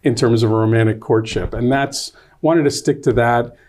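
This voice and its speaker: A man being interviewed as a guest author and playwright. He is a lively storyteller who rambles, backs up and restarts. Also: medium pitch, moderate pace. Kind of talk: casual interview.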